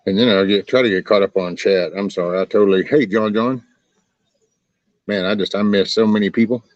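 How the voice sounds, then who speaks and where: Low-voiced man ranting on a livestream. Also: fairly even intonation, brisk, dry recording, muffled recording. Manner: folksy, profane, ranting. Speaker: livestream host. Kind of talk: casual rambling livestream chat.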